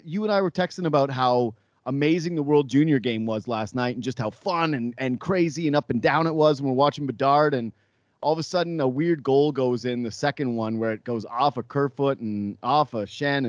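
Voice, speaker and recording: A man co-hosting a sports podcast in casual chat, animated and jokey, acting out quotes. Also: mid-range voice, no echo, highs cut off.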